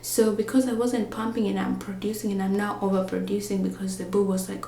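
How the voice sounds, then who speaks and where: A woman's voice: medium pitch, fairly even intonation, brisk, gravelly, few pauses, dark tone, reverberant, a little hiss or hum. Chatty woman, half whispering. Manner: often whispering to avoid waking a napping baby; rambling, chatty, with many fillers. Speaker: vlogger. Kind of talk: casual vlog.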